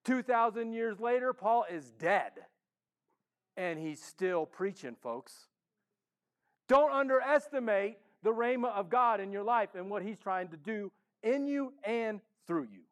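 A man preaching a sermon as a pastor in a church, casual and enthusiastic, swinging between hushed and loud. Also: high voice, expressive, a little slow.

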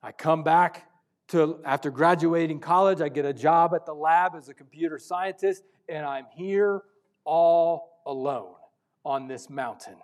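High-voiced pastor preaching with swings. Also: male voice, measured pace. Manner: swings from loud and urgent to hushed and intimate. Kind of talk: sermon.

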